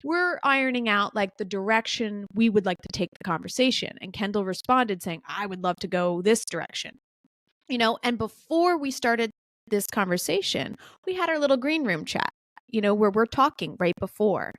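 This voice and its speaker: A woman's voice: fairly high pitch, expressive, moderate pace, a bit bright, dry recording. A woman hosting a podcast interview, speaking casually to her guest and the audience with frequent fillers. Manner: talks straight to the audience, frequent fillers like "you know". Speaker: podcast host. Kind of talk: conversational interview.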